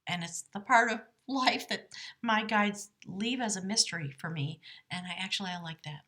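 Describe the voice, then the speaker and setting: A woman hosting a tarot live stream from her home, musing earnestly and spiritually in a casual way, sometimes dropping to a hushed aside. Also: medium pitch, normal speed. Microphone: device camera.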